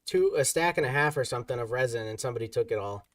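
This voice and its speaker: A relaxed male streamer chatting over a game. He sits back from the microphone, so his voice sounds a bit distant, and his pitch is middling. He talks loosely and trails off mid-thought. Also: very fast, over a noisy crowd. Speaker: livestream host. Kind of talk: casual chat over a game.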